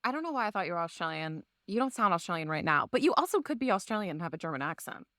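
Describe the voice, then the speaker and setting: A woman's voice: on the low side, big pitch swings, racing, a bit bright, dry recording, studio quality. A woman co-hosting a podcast, talking in a rambling, hedging way in casual chat. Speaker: podcast co-host.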